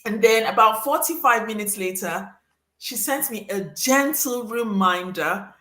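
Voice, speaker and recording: A woman from Nigeria hosting a casual chat, telling stories in an animated, exclamatory way. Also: on the high side, measured pace, echoey room. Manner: animated, exclamatory storytelling with laughs. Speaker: host.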